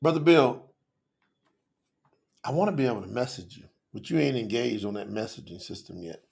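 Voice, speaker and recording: Gravelly, fired-up man hosting a livestream. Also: mid-range voice, moderate pace. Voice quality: passionate and excitable, calls out viewers by name. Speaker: livestream host. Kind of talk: lively livestream talk to chat viewers.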